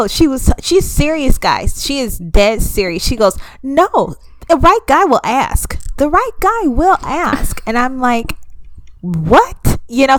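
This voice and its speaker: A woman talks with a podcast co-host, arguing her point in an emphatic, animated way and laughing often. Her voice is high and swings widely in pitch. The sound is dry and close. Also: no echo, poor audio. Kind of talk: casual chat.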